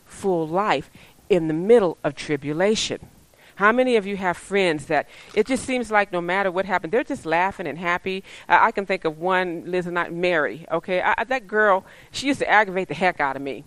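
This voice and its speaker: A woman preaching a sermon, animated and often laughing, who slips into playful high voices when she quotes people. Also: dry recording, rough recording.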